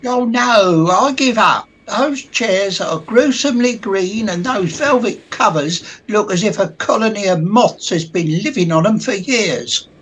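A man's voice: high voice, animated, unhurried, few pauses, fairly bright tone, breathy edge, full character voice. A man playing Tom, a cheeky joking sidekick who keeps punning. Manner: teasing, punning, giggly.

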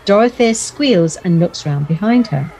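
A woman narrating a children's bedtime story in a gentle, expressive storytelling manner. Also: mid-range voice, a little slow, vocal fry, soft background music.

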